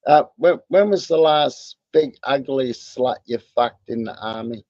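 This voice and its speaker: An Australian man with a mid-pitched voice trades crude, profane jokes at a slow, unhurried pace. The sound is dry and close. It comes across dull and lo-fi. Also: a little mellow, dry recording. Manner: crude, joking, profane banter. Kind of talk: casual chat.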